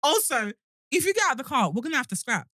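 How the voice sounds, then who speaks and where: A young woman, co-hosting a podcast in casual chat, telling stories in an animated way and swearing freely. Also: sits high, fast talker, dry recording, studio quality. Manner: animated storytelling, swears freely, acts out shouting. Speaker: podcast co-host.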